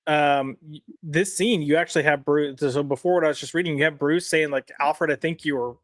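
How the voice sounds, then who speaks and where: Lively man co-hosting a comics show. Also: a little high, fairly quick, dry recording, clean studio sound. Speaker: comics podcast co-host. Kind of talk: casual chat.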